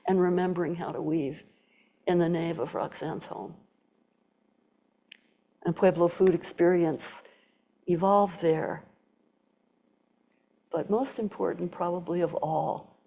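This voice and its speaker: An older woman tells a personal story to a gathered audience, in a low and mellow voice. She acts out the voices of the people she quotes, and now and then drops to a whisper. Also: measured pace, vocal fry, long pauses. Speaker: Zen teacher giving a talk. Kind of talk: storytelling dharma talk.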